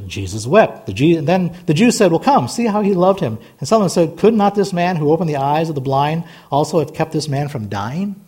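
A man's voice: on the high side, darkish tone, husky. A man preaching a sermon, reading scripture with folksy asides and building to a fervent exhortation. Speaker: pastor.

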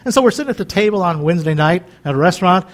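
A pastor in his fifties preaches in a high-sitting, animated, rapid-fire voice. His style is folksy and conversational, with jokes and wandering, chatty asides.

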